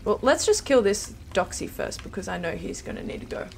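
A woman hosting a let's play video, commenting on her game in an excitable, panicky way with repeated exclamations. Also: medium pitch, fairly quick, vocal fry, noisy background. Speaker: gameplay host.

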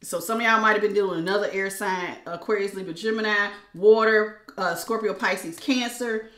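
Woman tarot reader, bright voice, animated and laughing, echoey room. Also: medium pitch, brisk. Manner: animated, laughing, calls listeners honey. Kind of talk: casual tarot reading to camera.

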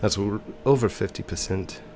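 With a lowish, dark voice at a moderate pace, this let's play host talks through a video game while congested. The English accent is put on, the delivery is dotted with ums and self-corrections, and a little hiss or hum is audible.

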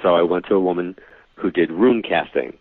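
Deep-voiced man on a phone-like line. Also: brisk, dry recording. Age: 40s. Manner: animated storyteller who acts out quoted dialogue. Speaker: guest, psychic medium. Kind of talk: casual storytelling interview. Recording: dry, tinny phone-like line.

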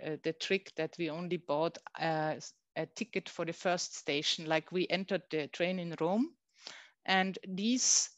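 A woman's voice: fairly low pitch, dry recording. A middle-aged woman reading her own comics aloud and commenting, in non-native English with small slips and hesitations.

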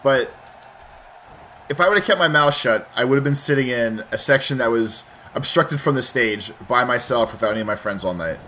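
A man's voice: mid-range voice, lively intonation, brisk, pushed and bright, a little hiss or hum. A man hosting a game playthrough, telling a long story in a casual, rambling way with lots of swearing and restarts. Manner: rambling, profane, with frequent restarts. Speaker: let's play host. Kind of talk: casual storytelling over gameplay.

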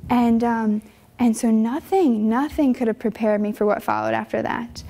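A woman's voice: on the high side, moderate pace, creaky, dark tone. A young woman, a religious sister, telling her vocation story in an earnest, conversational way, full of fillers and emotion. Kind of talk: personal vocation testimony.

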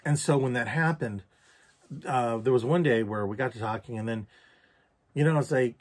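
A man's voice: mid-range voice, normal speed, darkish tone. A man recounting a personal story for a journal vlog, candid and reflective, with casual swearing. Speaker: vlogger.

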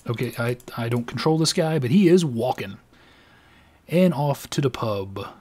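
A man's voice: mid-range voice, animated, normal speed, dark tone. A tipsy man giving rambling, self-mocking let's play commentary. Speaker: game commentator.

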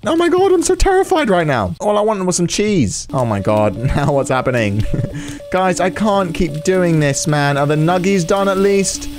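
A man's voice: high voice, sing-song, normal speed, faint music behind. A man giving casual gameplay commentary with exaggerated reactions, sarcasm and swearing. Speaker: gaming channel host.

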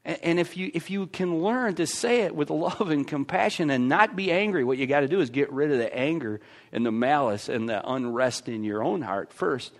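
A man's voice: on the high side, normal speed, few pauses. A man pastor with an American accent, preaching a conversational sermon in a church with frequent stammered restarts.

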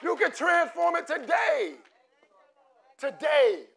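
High-pitched shouting preacher with gravelly voice. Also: male voice, moderate pace, some chatter behind. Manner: preaching with shouted, call-and-response exhortation. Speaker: pastor. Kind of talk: sermon. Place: church sanctuary. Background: congregation in a church.

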